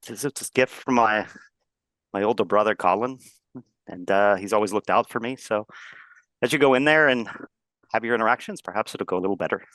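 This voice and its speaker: A man voicing a gentle character from a whaling family, halting and earnest. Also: on the low side, dry recording, natural voice, low-quality recording. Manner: halting, earnest, full of restarts.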